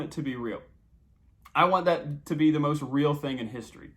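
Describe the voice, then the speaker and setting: A young man talks alone into his podcast mic, stretching a story out for comic effect. His voice is bright and a little high for a man, and he teases his listeners with playful, mock-dramatic build-ups. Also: normal speed. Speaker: podcast host. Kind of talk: solo podcast monologue.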